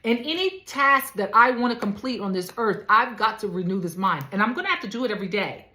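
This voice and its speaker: A woman's voice: medium pitch, animated, brisk, pushed and bright. A woman life coach giving emphatic, preacherly faith-based teaching, talking straight to the listeners, in an echoey room.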